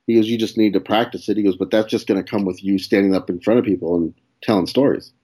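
With a fairly low, warm voice that holds a steady tone and has a breathy edge, a young comedian guest tells a story at a quick pace. He's relaxed and chatty, swearing and acting out quoted lines as he laughs.

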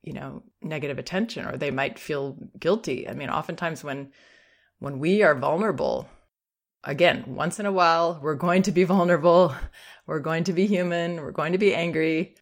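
A middle-aged woman hosting a parenting podcast, giving calm, reassuring advice and acting out short lines a parent might say. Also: low voice, normal speed. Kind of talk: advice monologue.

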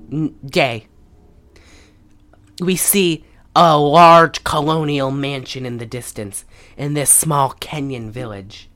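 Low-voiced rambling woman podcaster. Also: fairly bright tone. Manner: rambling, many fillers and "like"s. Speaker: podcast host. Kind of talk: casual chat recapping a film.

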